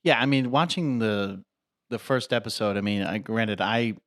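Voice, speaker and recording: This podcast co-host has a fairly low, fairly bright voice and speaks at a moderate pace. The clean studio recording has no echo, and his casual chat rambles along, heavy with "I mean" and "like."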